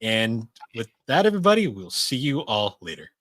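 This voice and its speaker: A man's voice: medium pitch, big pitch swings, normal speed, fairly bright tone, dry recording. A man co-hosting a gaming podcast, telling a story in casual chat and reading the show's outro. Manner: rambling storyteller, laughs often. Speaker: podcast co-host.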